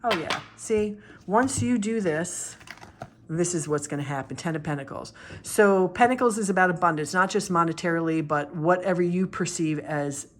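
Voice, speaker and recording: A woman reading tarot cards in a casual, blunt, animated way, swearing freely and acting out confrontations. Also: lowish voice, normal speed, slight background noise. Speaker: tarot reader and life coach.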